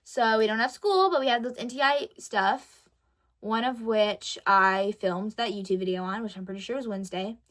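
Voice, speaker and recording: A teenage girl telling a diary-style vlog story, animated and dramatic, often correcting herself mid-sentence. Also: medium pitch, normal speed. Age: teens. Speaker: vlogger.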